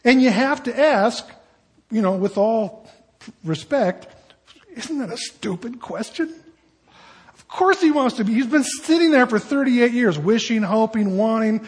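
A man's voice: high-pitched, expressive, measured pace, breathy edge. A middle-aged man preaching a sermon in a conversational, emphatic way with rhetorical questions.

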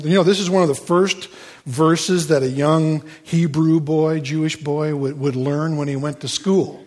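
A man's voice: a little high, steady tone, unhurried, a little mellow. A middle-aged man preaching a sermon in a conversational way, with many fillers and restarts and playful asides to the congregation. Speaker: pastor.

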